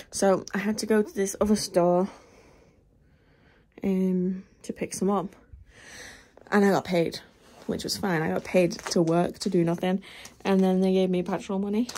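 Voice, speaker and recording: A woman's voice: medium pitch, level tone, unhurried, pauses often, dark tone, dry recording. A young woman vlogging in a casual rant, rambling and exasperated, often dropping to a whisper. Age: young adult. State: out of breath; tired.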